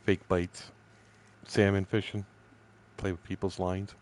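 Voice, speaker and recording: A man's voice: deep voice, little pitch movement, slow pace, a little mellow. A man in his sixties casually telling profane, rambling fishing stories while streaming a game, laughing often. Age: 60s.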